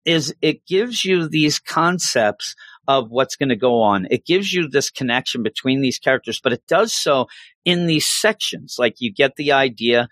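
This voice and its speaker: A man co-hosting a podcast, chatting in an excitable way, restarting sentences often and acting out lines in jumpy voices. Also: mid-range voice, moderate pace, no room sound. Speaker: podcast co-host reviewing manga. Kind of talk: casual chat.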